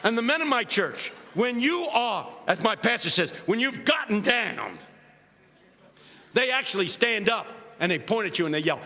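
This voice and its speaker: A man from Philadelphia preaching a humorous storytelling sermon with animated comic delivery that builds into shouted preaching, in a large hall. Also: high voice, normal speed. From United States, Philadelphia. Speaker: preacher and guest speaker. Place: large hall with a live audience. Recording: reverberant hall, faint ambience.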